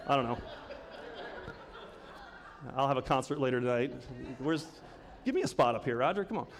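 A man's voice: medium pitch, expressive, fast, some chatter behind. A man preaching a conversational sermon as pastor, asking the congregation questions and laughing often. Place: church sanctuary. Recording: long reverb of a church hall.

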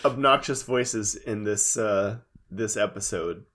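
A man's voice: on the low side, slow, a bit bright. A man co-hosting a casual podcast, recapping an anime episode with dry joking asides. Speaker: podcast co-host.

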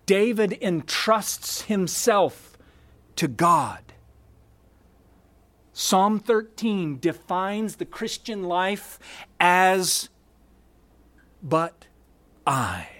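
A man delivers a sermon in a high voice. He speaks slowly and emphatically, breaking his points into short phrases and repeating key words with deliberate pauses. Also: fairly bright tone. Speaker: pastor.

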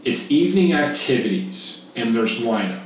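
A Texas man in his fifties, appearing as a podcast guest, tells a camp story in animated, casual chat, laughing and cursing freely. His voice is mid-range at a moderate pace. The room is echoey, the mic distant, and there's faint noise.

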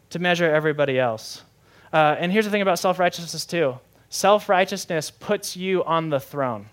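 A young man preaching a sermon in a lively, conversational way, often asking the audience questions. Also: high-pitched. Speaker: pastor.

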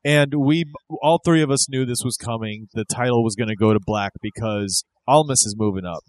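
Excitable man chatting about wrestling. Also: medium pitch, brisk, no echo. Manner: excitable, laughs often, says "you know what I mean". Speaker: podcast co-host. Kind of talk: casual wrestling chat.

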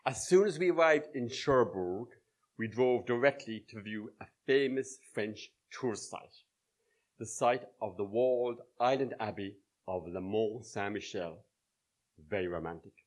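A middle-aged man speaks unhurriedly in a lowish voice, sharing a real personal story on stage. His humour is dry and wry, and the audience listens in a small live venue.

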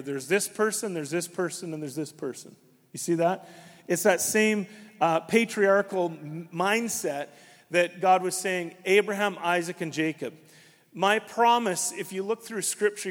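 A man preaching a conversational sermon as a pastor, telling stories with many restarts. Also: high-pitched. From Canada. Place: church. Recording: long hall reverb.

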